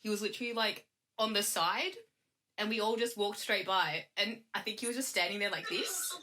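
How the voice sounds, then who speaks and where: A woman's voice: mid-range voice, moderate pace, pushed and bright. A young woman telling a story in a casual chat, laughing often and acting out what people said. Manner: chatty, laughs often, acts out quoted lines. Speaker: guest.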